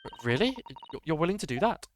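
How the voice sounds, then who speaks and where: A man's voice: on the high side, big pitch swings, fast talker, a little hiss or hum, pitched above the performer's own voice. A man voicing a nervous, earnest young male lawyer who stammers and sounds surprised, reading game dialogue aloud.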